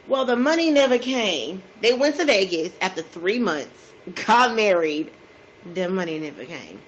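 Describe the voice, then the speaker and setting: A woman casually retelling a true crime story over a food video, chatty and slangy, with drawn-out asides. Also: mid-range voice, animated, a bit bright, lo-fi sound, slight background noise.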